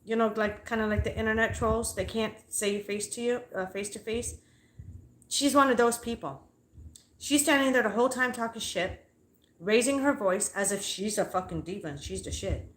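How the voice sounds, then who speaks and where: With a higher-leaning, fairly bright voice at normal speed, a woman rants heatedly on her livestream from home. She tells her story bluntly and with plenty of swearing while dogs are around, and the audio has a roomy echo.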